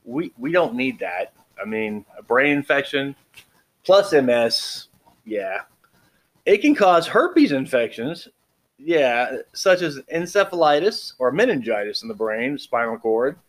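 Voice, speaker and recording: A man at an ordinary pitch reads a long list of drug warnings out loud in a loose, casual way. He stumbles on the bigger medical terms and drops in dry, sarcastic remarks between items. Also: sing-song, unhurried. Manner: stumbling over long words, wry asides. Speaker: vlogger reviewing medications. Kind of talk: casual read-aloud commentary.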